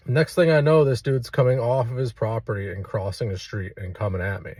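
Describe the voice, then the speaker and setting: A man, a real estate agent, casually telling a story to his viewers with lively delivery. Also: medium pitch, a little fast, few pauses, no room sound. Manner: animated, acts out quoted lines.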